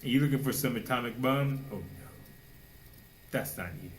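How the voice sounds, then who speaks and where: A man preaching a sermon with fervor, firing rhetorical questions and now and then mocking people in a high, put-on voice. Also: normal speed, slight background noise, low-quality recording.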